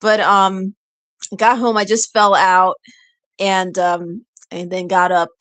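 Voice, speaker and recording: A woman's voice: mid-range voice, little pitch movement, takes it slowly, fairly bright tone, no room sound. A tired woman venting on a stream in a casual, rambling way, full of fillers and restarts. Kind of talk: casual chat. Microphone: streaming setup.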